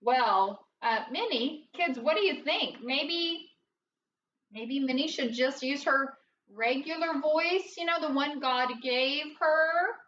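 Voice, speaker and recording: Slow, gentle first-grade teacher. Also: female voice, high voice, animated, a little hiss or hum. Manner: slow, gentle, coaxing, talks to a puppet. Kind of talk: recorded lesson for young children. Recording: roomy, dull sound from a distance.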